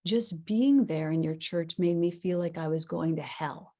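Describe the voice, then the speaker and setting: A middle-aged woman giving a conversational, animated sermon, often acting out the voices she quotes. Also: fairly low pitch, measured pace. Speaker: minister.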